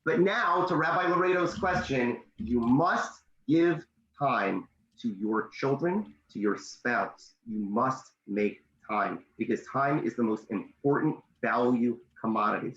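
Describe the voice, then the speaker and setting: A man and motivational speaker giving parenting advice in an animated storytelling way on a video call. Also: medium pitch, echoey room, lo-fi sound. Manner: animated, with emphatic pauses and tips.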